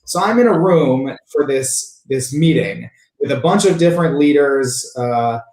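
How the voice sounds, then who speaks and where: A man telling a story in a casual podcast interview, animated and full of fillers and restarts. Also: mid-range voice, a little slow. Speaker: podcast guest, sales engineering leader. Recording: roomy echo.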